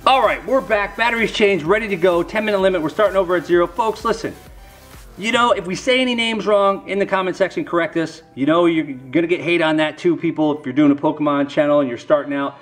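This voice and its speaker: A man's voice: high voice, fast, fairly bright tone, faint music behind. A middle-aged man rambling casually to camera while opening card packs, with self-mocking, folksy asides.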